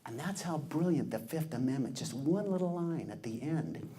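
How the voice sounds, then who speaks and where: A man giving a storytelling speech, lively and acting out the people he quotes. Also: on the high side, normal speed. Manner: animated, acts out quoted people. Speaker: public speaker.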